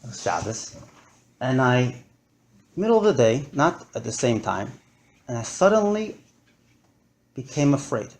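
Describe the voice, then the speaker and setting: A man lecturing to a live audience, animated and acting out his stories with big swings in his voice. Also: medium pitch, a little slow, long pauses, slight background noise.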